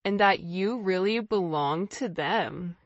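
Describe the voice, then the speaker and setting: A woman's voice: fairly low pitch, slow, no echo, highs cut off. A woman giving a casual, intuitive tarot reading, repeating words for emphasis. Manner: intuitive, repetitive, casual phrasing. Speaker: tarot reader.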